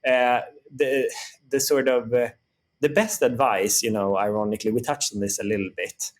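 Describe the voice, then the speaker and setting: A man's voice: mid-range voice, little pitch movement, normal speed. Rambling man with many restarts. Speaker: startup co-founder guest. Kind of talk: casual interview talk.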